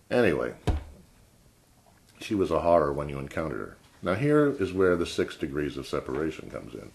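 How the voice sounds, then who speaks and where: A man vlogger tells a casual anecdote in a very deep voice. His pitch swings widely as he moves from quiet asides to excited outbursts. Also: a little fast. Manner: animated, swinging from low mutters to excited outbursts. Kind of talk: casual spoken storytelling.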